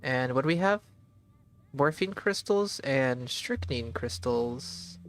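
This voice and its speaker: A man streaming a game live, thinking aloud in a slow, halting way and sometimes spelling words out letter by letter. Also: mid-range voice, expressive, a bit bright, faint music behind. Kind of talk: casual live gameplay commentary.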